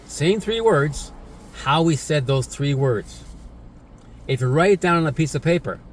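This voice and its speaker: A slightly high-voiced man, an English teacher, speaks a little slowly with lively intonation in a casual spoken lesson. Repetition and tag questions like "right?" and "isn't it?" mark his style. Slight background noise sits behind him.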